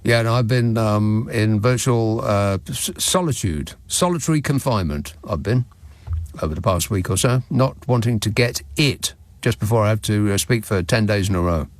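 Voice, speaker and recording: A man's voice: fairly low pitch, animated, moderate pace, no echo. Sardonic male radio phone-in host. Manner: dry, sardonic, mock-indignant. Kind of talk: late-night radio chat.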